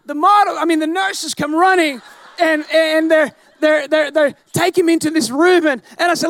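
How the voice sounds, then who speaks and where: A man delivers a lively sermon in a strikingly high voice, laughing at himself as he tells a story. He breaks into shouts as the story builds. The sound is dry and close, with no room echo. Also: fairly quick, creaky. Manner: animated, self-mocking, often shouting. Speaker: pastor. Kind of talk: storytelling sermon to a live audience.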